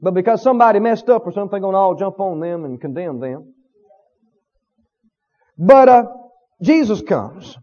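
A man's voice: sits high, lively intonation, normal speed, long pauses, warm tone, highs cut off. A man preaching a sermon with emphasis, often asking the congregation questions.

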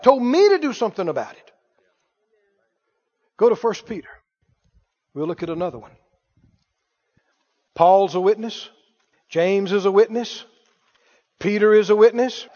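High-voiced man preaching in a reverberant hall. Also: expressive, normal speed, long pauses. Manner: emphatic, questioning the congregation, rising to shouts. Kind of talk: sermon. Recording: muffled hall recording with long reverb.

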